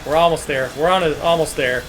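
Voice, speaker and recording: A man streaming a game with casual, excitable commentary, laughing often and swearing freely. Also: a little high, brisk, faint music behind.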